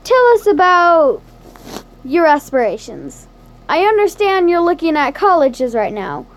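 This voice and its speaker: A woman's voice: extremely high pitch, sing-song, a little slow, full character voice. A woman voicing a perky teenage girl putting on a mock-formal ace reporter voice for an interview. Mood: chirpy.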